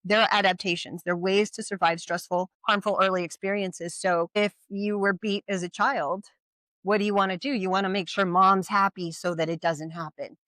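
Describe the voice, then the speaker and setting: A presenter giving an informal educational talk at a community workshop. They speak conversationally, with frequent rhetorical questions and quick check-ins with the audience. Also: mid-range voice, fairly even intonation, bright, forceful tone, dry recording. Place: community event at a brewery.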